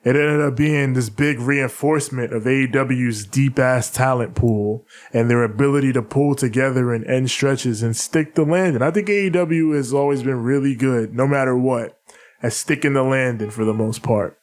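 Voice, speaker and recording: A man co-hosting a casual chat podcast in an ordinary mid-range voice. He talks in measured, articulate stretches and laughs easily with his co-host. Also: medium pitch. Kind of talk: casual chat, analytical recap.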